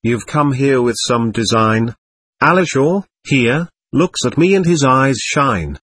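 A man's voice: mid-range voice, animated, slow, fairly bright tone, slightly rough, heavily acted. A man reading the part of a drunken, lecherous old man who rambles and needles his sons. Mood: quarrelsome. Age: older.

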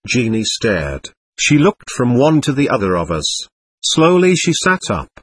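Earnest male reader, measured and solemn; husky, lively pitch, dry sound. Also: dry recording. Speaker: narrator. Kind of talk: solemn reading of a spiritual text.

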